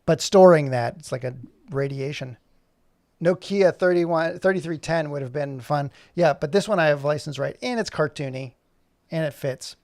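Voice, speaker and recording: A man in his forties talks casually on a livestream as he works on an animation. He jokes and rambles to himself, with a gravelly, fry-heavy voice that sits a bit higher than most men's. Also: normal speed, darkish tone, no room sound, clean studio sound. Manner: joking, rambling self-talk while working. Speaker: animator streaming live.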